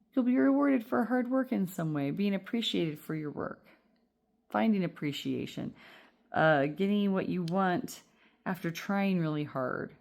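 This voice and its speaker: A woman's voice: deep voice, vocal fry, a little mellow. A woman giving a casual, reassuring tarot reading, chatty and rambling with fillers. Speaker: tarot reader.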